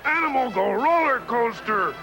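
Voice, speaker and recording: Animal, a wild baby monster. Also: male voice, extremely high pitch, expressive, normal speed, over music, voice pushed up. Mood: stubborn, shouting. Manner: shouts short choppy phrases, drawn out. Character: wild stubborn baby monster boy, shouting broken words. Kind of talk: storybook character voice.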